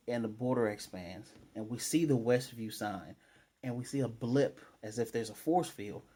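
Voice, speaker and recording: Mellow-voiced man rambling through a recap. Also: medium pitch. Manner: rambling, loose, with frequent fillers and self-corrections. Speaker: TV episode reviewer. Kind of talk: casual spoiler recap and theorizing.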